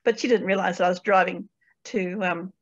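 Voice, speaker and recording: A woman's voice: lowish voice, steady tone, fairly quick. An older Australian woman poet reading her work and then chatting in answer to questions, laughing often and trailing off with fillers. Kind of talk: poetry reading and Q&A. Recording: dull lo-fi video call audio.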